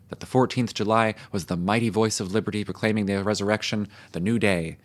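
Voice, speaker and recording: A man's voice: lowish voice, natural voice. A man voicing a grandiose male French orator who declaims a long list of dates. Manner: pompous, declamatory.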